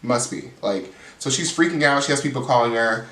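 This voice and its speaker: An animated man with a mid-range, fairly bright voice talks fairly quickly as he hosts his channel, recapping a reality show in gossipy, casual chat full of "like." The mic is distant and the sound roomy.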